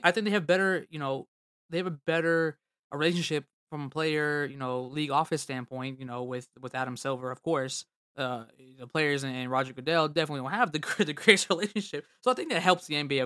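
A man's voice: a little high, fairly quick, pushed and bright, smooth, dry recording, clean studio sound. A man hosting a casual sports talk show, loose and rambling with many fillers. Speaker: sports podcast host.

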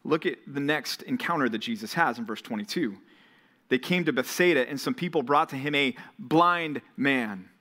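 A young adult man preaching as a pastor, conversational, growing animated when quoting scripture. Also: medium pitch, moderate pace. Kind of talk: sermon. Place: church or ministry hall.

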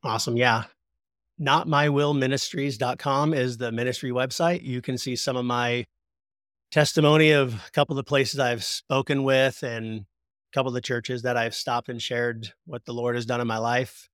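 A man in his forties speaks with earnest, preacherly conviction as he shares a personal testimony. His voice sits at a middle pitch and is recorded dry and close, with no room sound. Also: fairly even intonation, a bit bright, dry recording. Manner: heartfelt, preacherly, slows for emphasis. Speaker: podcast guest, prison minister.

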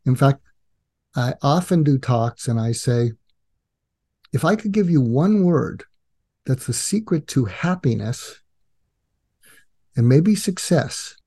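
Older male guest, author, animated storyteller. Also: medium pitch. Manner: animated storyteller acting out quoted dialogue. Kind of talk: casual storytelling interview.

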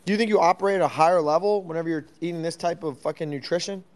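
A young man hosting a crypto talk stream, rambling and swearing in loud, jumpy, sarcastic banter from an office at night. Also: on the high side, very fast. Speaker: crypto space host.

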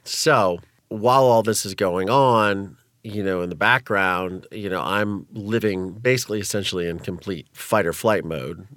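A man's voice: fairly low pitch, fairly bright tone. A man tells his story in a candid, conversational way, breaking into nervous laughs and filling gaps with "you know". He sits close to a dry mic with no room echo. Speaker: guest telling his life story.

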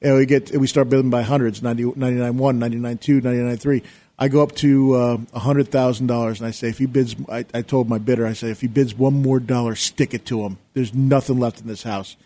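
A middle-aged man, a guest on a talk show, telling a rambling, animated story and acting out quotes loudly. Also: mid-range voice, fast talker. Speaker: guest, real estate investor.

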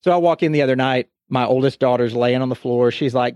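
Animated man telling family stories. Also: mid-range voice, quick pace, few pauses, clean tone, no room sound, highs cut off. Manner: animated storyteller, acts out voices. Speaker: podcast co-host. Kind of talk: casual chat.

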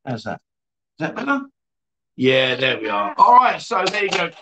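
A man's voice: a little high, wildly swooping pitch, moderate pace, pushed and bright, slight background noise, poor audio. A man hosting a casual livestream, reading viewer comments aloud and joking with his guests. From England. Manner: teasing, joking banter with guests. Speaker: livestream host.

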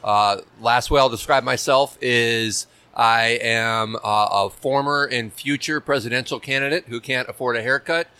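A man's voice: mid-range voice, moderate pace, hardly any pauses, sharp tone, clean tone, no echo. A man guesting on a talk show, describing himself with dry, self-deprecating humor in a public market. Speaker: business founder, guest. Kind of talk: casual interview chat.

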